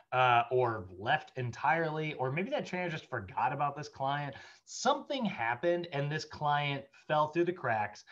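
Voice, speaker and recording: A man of middle pitch lectures a fitness training class in a loose, chatty way, packing his talk with fillers and asides. He laughs his way through stories. The recording is slightly muffled and lo-fi. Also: fairly bright tone. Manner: chatty, anecdotal, many fillers, laughs while telling stories. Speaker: fitness instructor.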